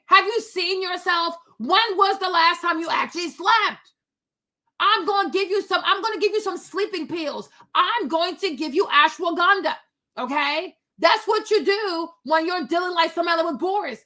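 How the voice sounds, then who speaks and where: A woman's voice: very high voice, expressive, moderate pace, bright, forceful tone. A woman hosting her own political commentary, blunt, sassy and profane, scolding the people she talks about. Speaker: commentary host.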